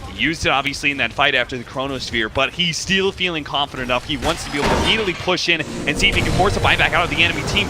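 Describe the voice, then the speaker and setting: A man casting a video game match play-by-play, getting loud and excited at the big fights. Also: on the high side. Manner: excited shouting at big plays. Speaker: esports caster. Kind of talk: play-by-play commentary.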